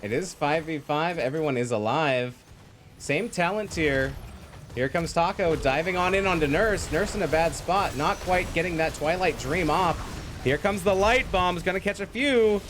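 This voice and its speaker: A man casting a live esports match with energetic play-by-play, calling out fights and thanking viewers. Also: a little high, normal speed, noisy background. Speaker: esports caster.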